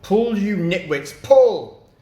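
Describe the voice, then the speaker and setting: A man voicing an excitable male monkey father who shouts orders, in an echoey room. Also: a little high, measured pace, lo-fi sound, pitched above the performer's own voice. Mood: commanding.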